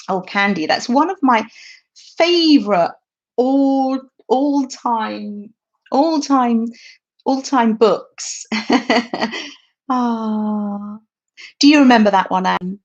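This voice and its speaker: A woman's voice: on the high side, animated, slow, highs cut off. A woman hosting a craft livestream, chatting to viewers in a giggly, rambling way while demonstrating. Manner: chatty, giggly, restarts often. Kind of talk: casual craft demonstration to live chat.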